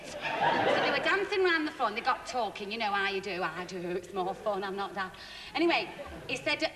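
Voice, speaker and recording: A woman's voice: mid-range voice, animated, brisk, a faint crowd, slight background noise. A woman guest on a TV variety show, telling rude jokes and giggling through them. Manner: giggly, breaks into laughter mid-joke. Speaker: comedy guest. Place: TV studio with live audience. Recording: studio hall with loud audience laughter.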